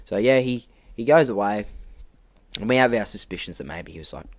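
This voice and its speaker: A young man telling an animated work story on a podcast, acting out quotes and laughing often. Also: lowish voice, brisk, no echo. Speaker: podcast co-host. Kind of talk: casual storytelling.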